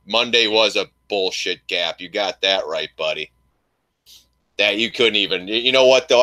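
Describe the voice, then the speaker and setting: Animated older man ranting. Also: fairly low pitch. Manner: animated, mocking, laughs often. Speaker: live stream host, trader. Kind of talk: casual live stream chat.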